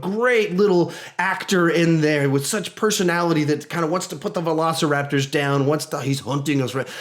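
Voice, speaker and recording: A man whose voice sits a little high gives an animated, enthusiastic take on a film in casual conversation. He acts out quotes and repeatedly begins his sentences again.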